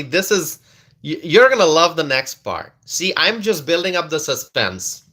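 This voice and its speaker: A man's voice: a little high, sing-song, bright, forceful tone. A man hosting a casual political livestream, laughing often and repeating lines for effect, with frequent restarts. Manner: slow drawn-out delivery with many restarts. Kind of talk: casual commentary to live viewers.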